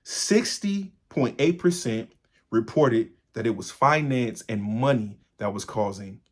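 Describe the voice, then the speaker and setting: Male podcast host, mid-pitched, earnest and confiding, loose storyteller who keeps checking in with listeners. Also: animated, a little slow. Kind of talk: candid solo talk.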